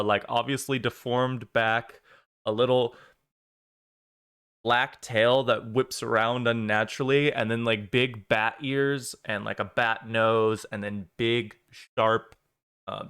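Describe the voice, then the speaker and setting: A man's voice: on the low side, fairly bright tone, clear, resonant tone, dry recording, clean studio sound. A man running an online tabletop game as game master, describing creatures in loose, filler-heavy talk.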